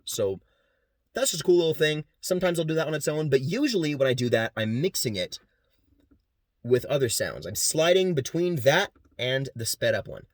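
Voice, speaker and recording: A man's voice: a little high, sing-song, dry recording, studio quality. A man giving a casual class presentation, explaining vocal sounds and demonstrating them as he goes. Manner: casual, quick, demonstrates sounds between sentences. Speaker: student presenter. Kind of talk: class presentation with beatboxing demos.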